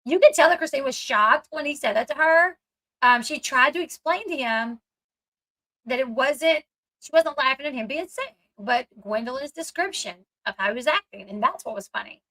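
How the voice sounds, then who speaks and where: A woman's voice: sits high, expressive, normal speed, pushed and bright, rough recording. A woman hosting a casual commentary recap, retelling scenes chattily and acting out what people said. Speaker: commentary channel host.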